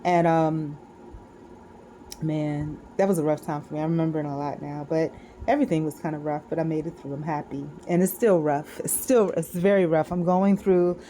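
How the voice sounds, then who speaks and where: A middle-aged woman recording a personal video diary, musing softly and drifting from topic to topic with many fillers. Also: low-pitched, fairly even intonation, moderate pace, a little hiss or hum. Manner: digressive, soft-spoken, musing with many fillers. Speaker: vlogger.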